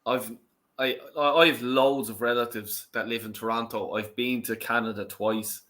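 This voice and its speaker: An Irish man hosts a casual football watch-along, his voice bright and forward. He gets excitable with the game and swears loudly at the players. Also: medium pitch, normal speed.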